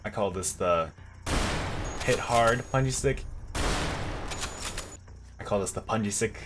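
A man hosting a casual gameplay video, jokey and excitable, yelping and laughing through his commentary. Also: fairly low pitch, slow, background noise. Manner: excitable, jokey, yelps and laughs at close calls. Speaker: gaming video host.

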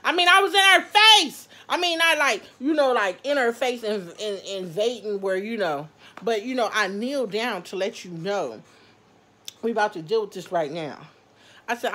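A woman vlogger telling a story to her viewers, animated and laughing as she talks. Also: medium pitch, normal speed. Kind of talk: storytime vlog.

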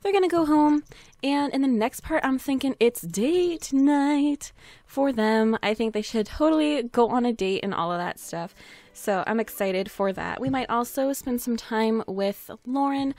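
A woman's voice: fairly high pitch, lively intonation, measured pace, darkish tone, dry recording, clean studio sound. A young woman hosting a let's play, chatting casually about her game with frequent giggles and lots of "like". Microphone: desk USB condenser mic.

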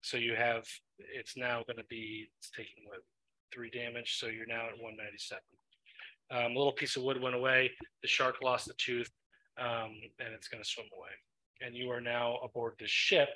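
A man steers his tabletop group as game master, talking in loose, meandering sentences padded with ums. His voice is strikingly bright and sits at an ordinary middle pitch. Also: normal speed, low-quality recording. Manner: relaxed, filler-heavy narration with many ums.

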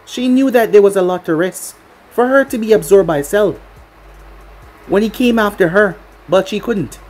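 A woman narrating fan fiction aloud in a lively storytelling manner. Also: medium pitch, normal speed.

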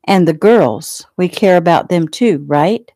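A woman voicing a tough, quiet lawman. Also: sits high, lively intonation, measured pace, no room sound, studio quality. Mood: insistent. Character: tough wounded male undercover lawman, quietly commanding.

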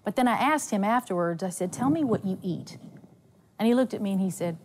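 A woman's voice: mid-range voice, brisk, a little hiss or hum. A woman from Nashville with a Southern accent, a guest telling stories about faith and health. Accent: Southern American. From Nashville, USA. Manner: animated storytelling with quoted voices.

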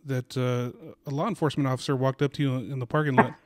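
Relaxed podcast host with a dry sound. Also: male voice, medium pitch, fast, no room sound. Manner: relaxed, hesitant restarts. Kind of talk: casual interview.

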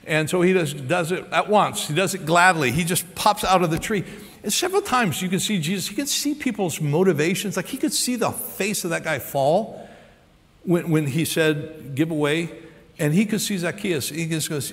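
An American man preaching a sermon as pastor, animated and acting out quotes and asides, recorded live in a large church auditorium on a stage microphone. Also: high-pitched, moderate pace. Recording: live sermon with long hall reverb.

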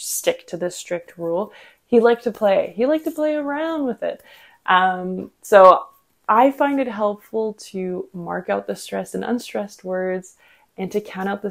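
A woman in her twenties hosting a podcast, explaining acting technique in a chatty, instructional way with casual fillers. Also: medium pitch. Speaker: podcast host and acting coach.

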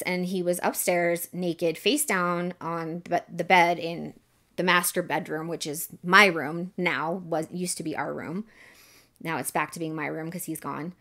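A woman's voice: fairly low pitch, a bit bright. A woman hosting a podcast, telling a personal story in a casual, candid way with lots of fillers and some swearing. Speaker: podcast host.

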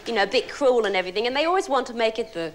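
A woman's voice: on the high side, expressive, racing, a little hiss or hum. A woman from England, a chatty, laughing talk show guest.

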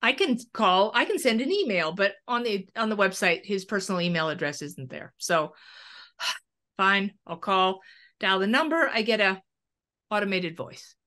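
A middle-aged woman guest recounting a personal story with real animation, slipping into the voices of the people in it. Her pitch sits in an ordinary middle range, and her telling moves along with conversational momentum. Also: normal speed. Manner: lively storyteller acting out dialogue. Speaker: medium and cancer researcher, interview guest.

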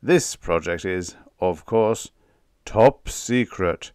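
A man's voice: on the low side, big pitch swings, normal speed, no echo, clean studio sound. A man voicing a pompous, blustering army general who is boastful and bossy. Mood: proud.

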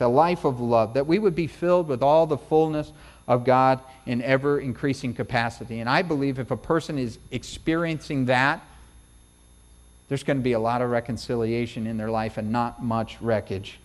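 A man's voice: medium pitch, moderate pace. A middle-aged male pastor preaching a sermon in a folksy, conversational way, building to emphatic peaks.

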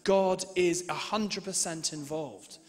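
A man preaching a sermon and reading scripture, moving between loud emphasis and hushed, slow passages. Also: high-pitched. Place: large church hall. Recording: reverberant hall sound.

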